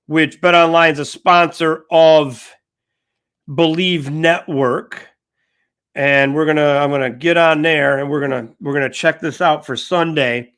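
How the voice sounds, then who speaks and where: A man's voice: a little high, pushed and bright, smooth. An older man co-hosting a casual sports talk show, eagerly chiming in to recall stories he shared with his partner. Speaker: co-host.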